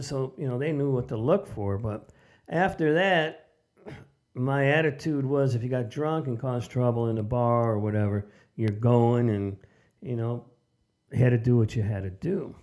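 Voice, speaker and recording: A man's voice: mid-range voice, a little mellow. An older man hosting a sobriety channel, telling a personal story in a casual, plainspoken way with lots of "you know" and "man".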